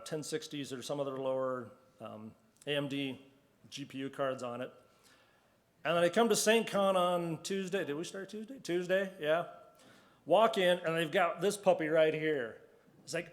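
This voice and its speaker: A man's voice: fairly high pitch, moderate pace. A man giving a casual conference talk, chatty and acting out quoted reactions in a conference hall. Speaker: conference speaker.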